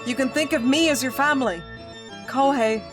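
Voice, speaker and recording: A woman voicing a frightened, fierce young woman in a spooky visual novel, pleading in a high, strained voice. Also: moderate pace, music in the background, close to an everyday voice. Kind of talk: reading a visual novel aloud.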